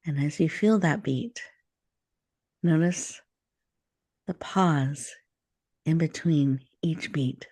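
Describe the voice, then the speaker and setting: A woman radio host leading a guided breathing meditation in a slow, soothing, inviting way before she welcomes a guest. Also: sits low, dark tone, no echo.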